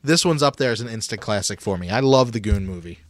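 A man's voice: on the low side, expressive, fast, no room sound, studio quality. A man co-hosting a casual hockey podcast, upbeat and chatty with lots of fillers. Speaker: podcast co-host.

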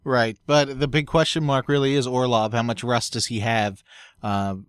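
A young man co-hosting a podcast in casual sports chat, easygoing and often laughing, with halting restarts. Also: mid-range voice, steady tone, clean tone, dry recording, studio quality. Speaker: podcast co-host.

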